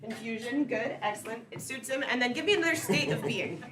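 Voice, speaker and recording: A woman's voice: on the high side, brisk. A woman hosting a live improv comedy show, upbeat and calling out to the audience from the stage. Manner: upbeat, shouting eliminations to the crowd. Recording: echoey stage from a distant mic with noise.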